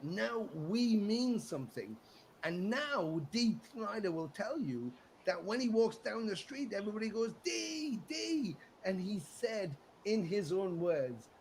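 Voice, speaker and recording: A middle-aged English man tells stories in a casual interview, animated and quick to act out what others said. His voice sits a little high for a man. A faint hiss runs under the call audio. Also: poor audio. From England. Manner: animated storyteller, acts out quotes, swears freely. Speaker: musician guest.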